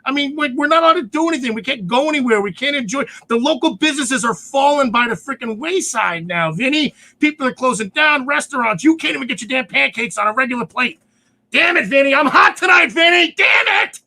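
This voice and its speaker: A man co-hosting a casual podcast chat, excitable and ranting, often raising his voice to a shout. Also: very high-pitched, quick pace, creaky, few pauses. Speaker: podcast co-host.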